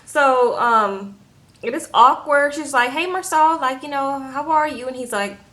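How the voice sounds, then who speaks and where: A woman's voice: high voice, measured pace, bright, forceful tone. A woman casually recapping a reality show, retelling scenes and quoting people with a sassy "okay?" after her lines.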